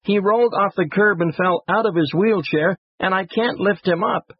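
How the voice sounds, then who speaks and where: A frightened young boy pleads through tears, his voice lifted high above the storyteller's own, as a man puts him on. The tone is husky and close, with a dull lo-fi recording. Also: moderate pace, dry recording. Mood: pleading. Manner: pleading, tearful.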